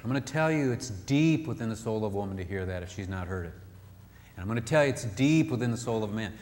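A man's voice: fairly low pitch, lively intonation, fast talker, a little mellow. A man speaking at a marriage seminar, telling stories to an audience with emphatic repetition. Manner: storytelling, acts out quoted voices; emphatic, repeats phrases. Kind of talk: live seminar talk to an audience. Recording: reverberant hall, faint background noise.

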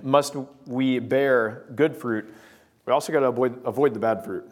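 A male preacher giving a sermon with an object lesson, talking straight to the congregation in an animated way. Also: mid-range voice, moderate pace.

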